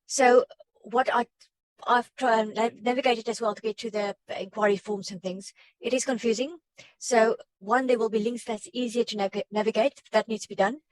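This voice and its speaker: This webinar host, a woman with a fairly high voice, plainly reads out questions from the audience and tosses in her own comments, tripping over words now and then. She speaks at a moderate, fairly level pace over a video-call mic, with a bit of background noise and low audio quality.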